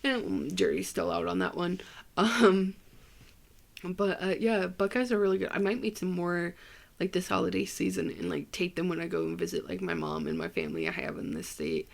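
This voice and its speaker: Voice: mid-range voice, animated, normal speed, vocal fry. A young adult from Ohio with a Midwestern American accent, hosting a casual solo podcast in a rambling, joking, self-deprecating way. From Ohio, USA. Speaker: podcast host.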